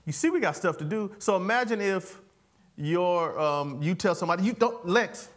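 High, lively preacher calling for amens. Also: male voice, normal speed. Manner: animated, playful, calls for amens. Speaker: pastor. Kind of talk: sermon with call and response.

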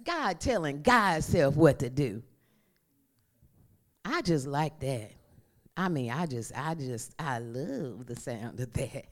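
A woman preaching a sermon, calling on the congregation to repeat after her and dropping from loud exclamations to near-whispers. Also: sits low. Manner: animated, call-and-response with congregation.

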